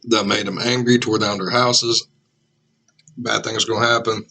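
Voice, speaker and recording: Man, casual reaction commentary, emphatic, slow drawl, husky bright voice. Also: lowish voice, low-quality recording. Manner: animated, emphatic asides. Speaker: reaction video host.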